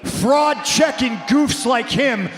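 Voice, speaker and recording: A man bellows a slow, defiant speech in a high, strained voice. His words boom around a huge arena with a long, rolling echo, and the sound is caught from a distance. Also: fairly bright tone. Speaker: wrestler cutting a promo. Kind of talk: shouted arena promo. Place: large indoor arena. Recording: echoey arena sound picked up from far off.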